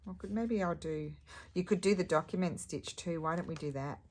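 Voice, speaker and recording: A woman's voice: on the low side, normal speed, darkish tone, slight background noise. A woman talking casually as she makes a paper booklet at home, thinking aloud, trailing off and restarting her sentences. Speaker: crafting vlogger. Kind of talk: casual craft tutorial chat.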